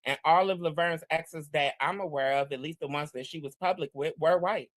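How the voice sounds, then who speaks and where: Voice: mid-range voice, brisk, no echo. A panelist in casual chat, blunt and profane.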